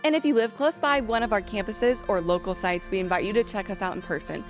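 Quick-talking woman giving a church welcome. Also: mid-range voice, soft background music. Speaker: church host. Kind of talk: welcoming announcement.

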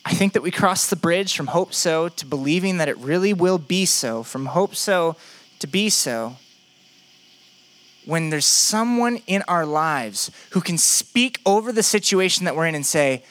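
Young male preacher, high and bright voice, lively delivery, acts out inner voices and talks straight to the crowd. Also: unhurried. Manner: animated, acts out imagined prayers and quotes; addresses the congregation directly with joking asides. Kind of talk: sermon.

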